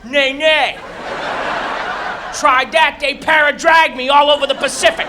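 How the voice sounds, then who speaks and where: A man from Massachusetts performing live stand-up comedy, telling animated stories with shouted squeals and acted-out voices. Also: extremely high pitch, unhurried, pauses often, noisy background. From Massachusetts, USA. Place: comedy club stage. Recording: live club recording with crowd. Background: audience laughter.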